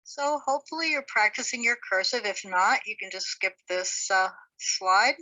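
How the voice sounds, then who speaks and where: A Hebrew teacher leads a slow beginners' lesson, patiently sounding out words syllable by syllable. Her medium-pitched voice is bright and forceful, with lively intonation and a moderate pace, though the recording quality is low.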